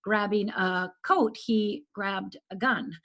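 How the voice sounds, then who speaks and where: A middle-aged woman from Upper Michigan, a life coach guest, telling a painful personal story earnestly and dropping to a hush at the hardest moments. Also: mid-range voice, fairly even intonation, slow. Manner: earnest, intense, often drops to a hush.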